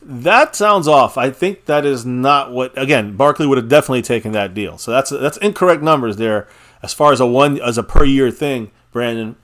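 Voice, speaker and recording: A man's voice: mid-range voice, brisk, a bit bright. A man hosting a live fan stream, chatting casually and opinionatedly, rambling with restarts and chuckles. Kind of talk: casual sports fan chat.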